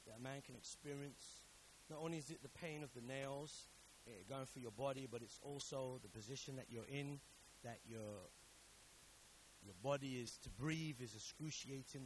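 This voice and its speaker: A man preaching a sermon who swings between hushed storytelling and loud exhorting, repeating words for emphasis and acting out the voices he quotes. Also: medium pitch, a little hiss or hum, rough recording. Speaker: pastor.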